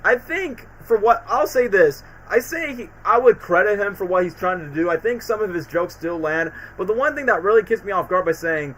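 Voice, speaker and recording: A man's voice: high-pitched, pushed and bright, a little hiss or hum, rough recording. A man hosting a casual live stream, rambling through his thoughts with lots of fillers and restarts. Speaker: streamer host.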